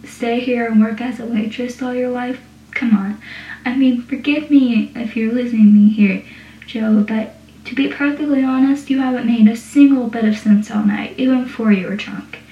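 A woman voicing a sober, teasing teenage boy looking after a drunk friend, in a quick, wry reading. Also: fairly high pitch, steady tone, lo-fi sound, lightly acted. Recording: roomy sound, distant mic.

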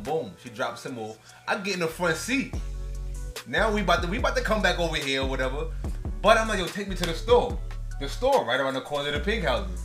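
A man, a guest on a podcast, telling a story in an animated way with laughs between lines. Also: a little high. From New York. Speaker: guest rapper. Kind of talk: casual podcast chat.

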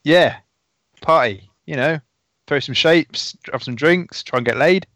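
Male player, rambling stammerer, a bit high, dry close mic. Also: unhurried, a bit bright, no room sound. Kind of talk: casual tabletop game chat.

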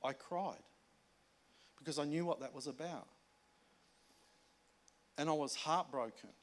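Emphatic pastor preaching. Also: male voice, on the high side, measured pace. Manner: conversational preaching, shifts from emphatic to hushed. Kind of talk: sermon.

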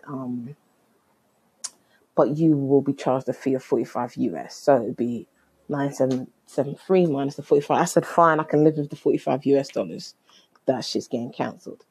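A woman's voice: deep voice, mellow, slightly rough, no echo, poor audio. A woman casually telling a story from her travels, acting out both sides of the conversation.

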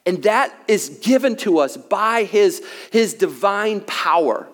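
A man's voice: high voice, lively intonation, slow, fairly bright tone. A man preaching a sermon as a pastor, emphatic and repetitive, sometimes joking at his own expense, out of breath. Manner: emphatic preaching with repeated phrases and self-deprecating asides. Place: church sanctuary. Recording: long hall reverb.

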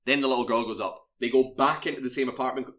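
A man casually retelling a horror film's plot in a relaxed chat. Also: medium pitch, fast talker. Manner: animated storytelling, swears casually. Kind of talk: casual film recap chat.

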